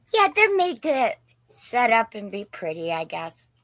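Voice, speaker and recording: A woman's voice: on the high side, big pitch swings, slow pace, no room sound. A woman from Southern Indiana with a mixed Indiana and Pennsylvania accent, hosting a casual live-stream sale of vintage glass in a chatty, folksy, rambling way. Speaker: host selling vintage glass.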